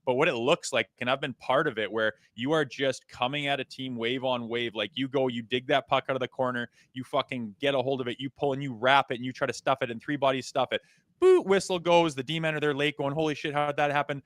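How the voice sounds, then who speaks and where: A man co-hosting a hockey podcast, a former player who tells stories at a quick clip and swears a lot. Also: mid-range voice, steady tone, fairly bright tone, no echo. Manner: fast, profane, storytelling. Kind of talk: casual hockey podcast chat.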